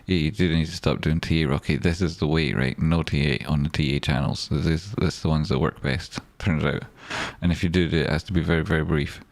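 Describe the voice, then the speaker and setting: A man's voice: a bass voice, steady tone, fast talker, few pauses. A man reading out live chat and joking with viewers on a stream, swearing often. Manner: chatty, swears often, jokey banter. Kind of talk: casual livestream chat.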